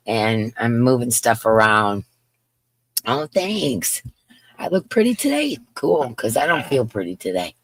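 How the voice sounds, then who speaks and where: A woman's voice: very deep voice, very animated, a little slow, breathy edge, no echo. A middle-aged woman hosting a crochet livestream from her yarn room at home, chatting casually and greeting viewers by name with bubbly, swooping call-outs, picked up by her computer's built-in mic. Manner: bubbly, calls out names with big upward swoops. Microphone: computer's built-in microphone.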